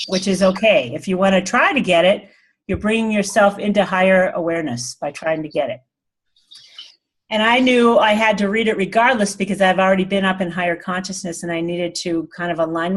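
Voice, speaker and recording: A woman hosting an online group call, talking casually and reading aloud, emotional and laughing often. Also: fairly low pitch. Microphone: video call.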